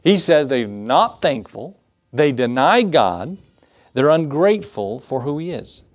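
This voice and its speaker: A man's voice: medium pitch, sing-song, measured pace. A middle-aged male pastor preaching a sermon in a conversational, storytelling way, with fillers and asides.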